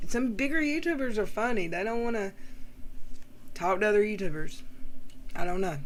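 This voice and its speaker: A woman's voice: mid-range voice, fairly bright tone. A woman hosting a casual livestream, chatting and reading out viewer names. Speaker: YouTube livestream host. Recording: faint background noise.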